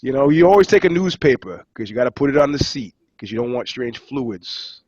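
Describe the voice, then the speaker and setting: A man's voice: medium pitch, expressive, fairly quick, darkish tone, dry recording. A man, co-hosting a podcast in casual chat. He tells profane stories and acts out what other people said. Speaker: podcast co-host. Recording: dull lo-fi sound.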